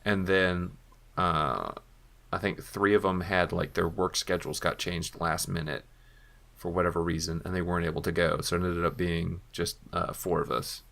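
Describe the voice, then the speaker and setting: Creaky low-voiced young podcast host. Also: male voice, moderate pace. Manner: animated storyteller acting out quoted lines. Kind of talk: casual chat.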